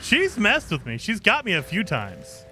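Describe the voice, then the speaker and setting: A man's voice: sits high, wildly swooping pitch, measured pace, pushed and bright, slight background noise. A man streaming a game, chatting casually with viewers in a joking, teasing way and laughing often. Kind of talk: casual live commentary while playing.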